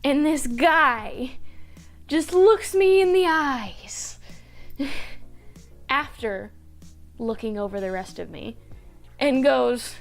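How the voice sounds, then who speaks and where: Young woman, high-pitched, casual storytelling, animated, faint background music. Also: slow pace, creaky, long pauses. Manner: animated, swears freely, acts out her own reactions. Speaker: vlogger.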